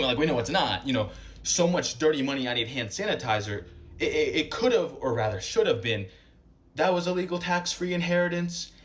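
A man's voice: medium pitch, fairly bright tone. A man in a commentary clip, speaking in a sarcastic, pointed way.

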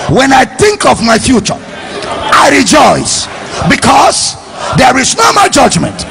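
A male pastor preaching a sermon, leading the congregation in loud call-and-response. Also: very high voice, vocal fry. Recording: noisy live crowd.

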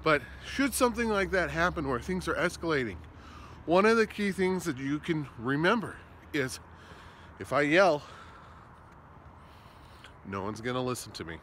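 A man giving casual advice while out on a walk, talking in an animated way that swings between loud emphasis and soft, slow asides. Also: fairly high pitch. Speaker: vlogger. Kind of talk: walking vlog, casual advice talk. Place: outdoors on a walk, street traffic nearby. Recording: faint outdoor street noise.

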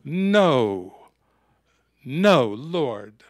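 A man's voice: medium pitch, fairly even intonation, a little slow, no echo, studio quality, lightly acted. A man voicing a loyal disciple who protests insistently in a retold scene. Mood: protesting.

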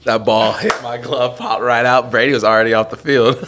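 Over a noisy background, a young podcast co-host in his twenties speaks briskly in a medium-pitched, level voice. He's casually telling a rambling story that pokes fun at himself, laughing throughout.

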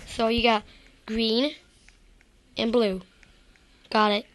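A woman's voice: a little high, fairly even intonation, drawn-out words, no room sound. A woman giving rambling, self-deprecating gameplay commentary straight to her viewers. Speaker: gaming video creator.

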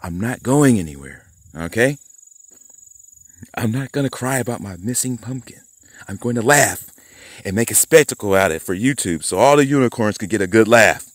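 A man's voice: fairly low pitch, lively intonation, normal speed, no echo, clean studio sound. A man vlogging outdoors by a garden plot, rambling, swearing and laughing as he taunts someone. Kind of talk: rambling outdoor vlog rant.

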